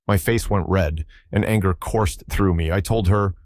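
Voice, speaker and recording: Deep-voiced man narrating a story. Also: normal speed, few pauses, a little mellow, no echo, clean studio sound. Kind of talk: scripted first-person story narration.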